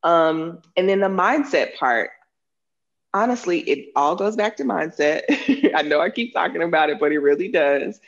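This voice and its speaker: A self-defense instructor who has written a book on the subject answers interview questions earnestly, explaining things with lots of filler words. Her fairly low voice is expressive and moves at a normal speed, though the audio sounds dull.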